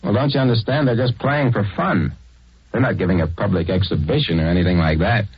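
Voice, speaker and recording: A man narrating a scripted 1940s radio program in a brisk, wry manner, on a dull lo-fi recording. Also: fairly low pitch, slightly rough.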